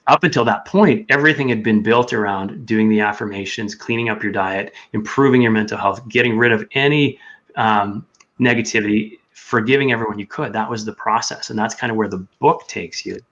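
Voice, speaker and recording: A man's voice: on the low side, brisk, a bit bright. A man telling his story earnestly as a podcast guest, sometimes acting out his own inner voice. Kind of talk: casual chat. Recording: dull lo-fi sound.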